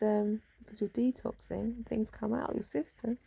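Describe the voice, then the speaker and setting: A woman's voice: on the high side, flat delivery, normal speed, vocal fry, mellow, slightly rough, dry recording. A woman rambling casually to herself in a vlog, muttering and trailing off. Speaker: vlogger.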